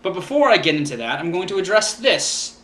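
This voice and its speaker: A man's voice: high voice, big pitch swings, a little fast, fairly bright tone, reverberant, a little hiss or hum. A young man from Florida chatting to camera as a YouTuber, earnest and rambling with fillers, his cheek swollen after a tooth was pulled. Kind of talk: casual talk to camera.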